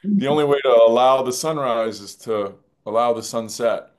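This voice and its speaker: A man's voice: mid-range voice, normal speed, a little mellow. A man, a film director as guest, talks in a reflective interview, earnest and musing, often repeating phrases.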